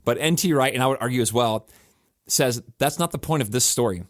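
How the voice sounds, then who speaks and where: A man's voice: medium pitch, brisk, dry recording, studio quality. A male pastor reflecting on his sermon in a casual, earnest podcast talk, restarting phrases to stress his points. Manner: earnest and conversational, with emphatic restarts.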